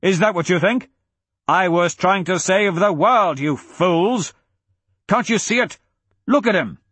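A furious, hateful archduke from an audiobook, bellowing his contempt in a raised, hard-pushed voice, played by a male narrator. The voice is husky and sits close and dry on the mic. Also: sits high, measured pace, a bit bright, no echo, pitched above the performer's own voice, heavily acted. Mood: raging. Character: raging, hateful middle-aged archduke villain.

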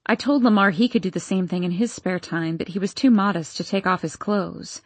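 A woman reading the lines of a bitter, scheming nurse in an audiobook, with a sharp, resentful manner. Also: fairly low pitch, fairly even intonation, brisk, dry recording.

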